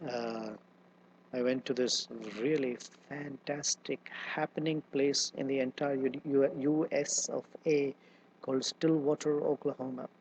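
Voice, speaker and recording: A man's voice: medium pitch, fairly even intonation, measured pace, a little mellow, slight background noise, poor audio. A man giving a scripture class lecture, chanting Sanskrit verses and explaining them in a conversational way with side jokes and asides. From not from America. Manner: conversational teaching with asides and humor. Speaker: Bhagavatam class speaker.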